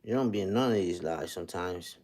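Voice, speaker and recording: Low-pitched and darkish in tone, this man's voice runs a little fast. He's in his forties, hosting a casual, chatty livestream on his phone, using slang, responding to viewer comments, and tagging lines with "you heard?"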